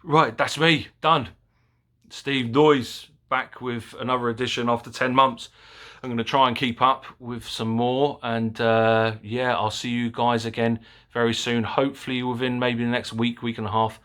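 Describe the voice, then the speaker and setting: A man giving a casual, excitable movie review, rambling with fillers and the odd swear word. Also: mid-range voice, normal speed. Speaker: film reviewer.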